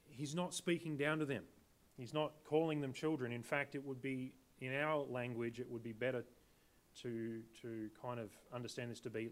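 A male preacher delivers a sermon in a relaxed, conversational manner. His voice sits at an ordinary middle pitch, and he keeps drawing the congregation in with direct questions. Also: a little fast.

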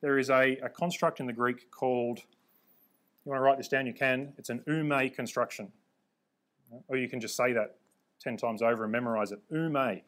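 A man preaching and teaching from the Bible, emphatic, repeating words for stress and checking in with his listeners. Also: mid-range voice.

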